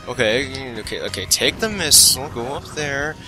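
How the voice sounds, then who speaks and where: A let's play commentator talks to himself over live gameplay, excitable and mocking his own mistakes. His voice is medium-pitched at a moderate pace, with music underneath and low-quality recording.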